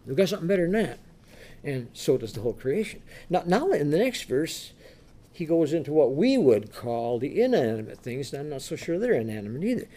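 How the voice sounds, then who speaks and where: Male preacher, slightly high and very animated, emphatic scripture reading with rhetorical asides. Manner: animated, rhetorical questions, shifts between loud reading and low asides; reads scripture in slow, emphatic tones.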